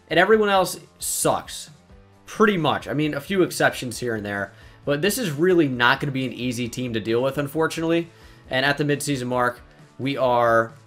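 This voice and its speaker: This gaming YouTuber is a young man with a mid-range, fairly bright voice, commentating loosely on a sports video game. His tone is exasperated and blunt, with plenty of cursing.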